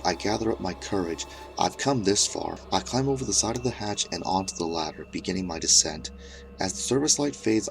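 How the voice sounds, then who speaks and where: Male horror narrator, low voice with vocal fry, measured first-person reading. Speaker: storyteller.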